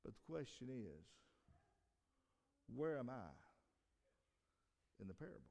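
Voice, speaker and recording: A man's voice: big pitch swings, measured pace, creaky, a little mellow. Male preacher with hall reverb. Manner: rising to emphatic peaks, trailing off low, frequent restarts. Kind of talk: sermon.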